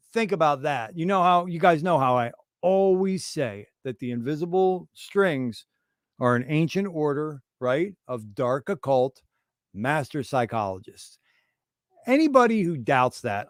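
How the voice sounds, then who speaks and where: A man's voice: a little high, no room sound, clean studio sound. A man hosting a casual livestream, rambling in irreverent, conspiratorial banter with his chat. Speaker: livestream host.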